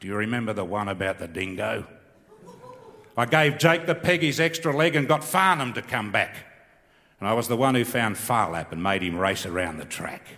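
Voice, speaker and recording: A middle-aged Australian comedian tells his story in a rambling, laconic way, his pitch rising and falling freely. He recites comic bush poetry for laughs. His voice rings out with a long hall reverb. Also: lively intonation, moderate pace, pushed and bright. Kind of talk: stand-up comedy with recited poem.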